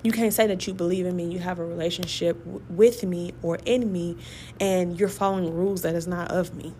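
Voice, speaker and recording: A woman's voice: fairly low pitch, a little fast, a little hiss or hum. Emphatic woman teaching from the Bible. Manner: emphatic, with repeated rhetorical questions; excitable and conversational. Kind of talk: casual Bible study talk.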